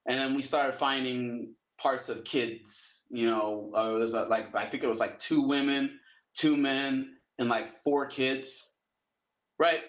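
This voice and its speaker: A man chatting loosely and profanely, with a middle-pitched voice. He slows and stumbles over heavy subjects. The recording is lo-fi and echoey, as if from a bare room. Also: steady tone, a bit bright. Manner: loose, profane, talks while eating and moving around; slow and halting on heavy topics. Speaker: guest in a conversation. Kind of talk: casual chat. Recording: dull lo-fi, roomy echo.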